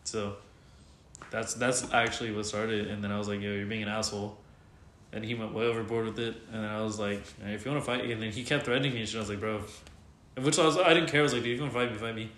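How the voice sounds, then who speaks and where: A man telling a heated story in casual chat, animated and swearing, acting out what others said. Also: lowish voice, fast talker, echoey room. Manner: animated retelling, swears freely, quotes others in voices.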